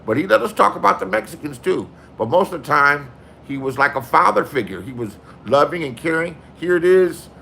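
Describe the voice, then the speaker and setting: A man's voice: on the high side, expressive, fairly quick, vocal fry, pushed and bright, a little hiss or hum. A man in his sixties telling rambling, profane anecdotes in a casual storytelling style, acting out the people in them.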